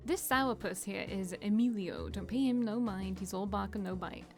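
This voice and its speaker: A woman's voice: mid-range voice, normal speed, soft background music, lightly acted. A woman reading aloud as a friendly, cheerful young woman bartender in a visual novel.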